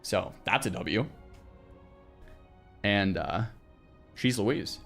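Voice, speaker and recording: A young man streaming, chatting casually with his viewers in an animated way, with lots of restarts and loud exclamations. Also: on the low side, extremely slow, creaky, faint music behind. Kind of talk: casual livestream chat with viewers.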